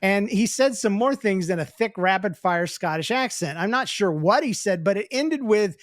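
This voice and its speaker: A man hosting a podcast, chatting casually, joking deadpan, and reading out a listener's story. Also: high voice, normal speed, dry recording, clean studio sound. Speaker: podcast host.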